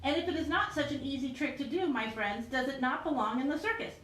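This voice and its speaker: A woman's voice: high-pitched, fast, fairly bright tone, far from the mic. A woman voicing a grand male circus boss who is hearty and showy. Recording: roomy echo.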